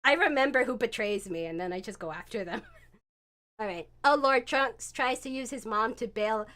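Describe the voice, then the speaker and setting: Chatty high-voiced young woman streamer. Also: normal speed, a bit bright. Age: 20s. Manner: rambling, many fillers. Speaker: streamer and comic creator. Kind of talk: casual stream chat.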